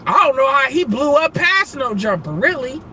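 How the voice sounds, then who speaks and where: A man's voice: very high-pitched, sing-song, normal speed, sharp tone, a little hiss or hum. A man ranting casually on a live stream, profane and rambling, breaking into laughter. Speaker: livestreamer.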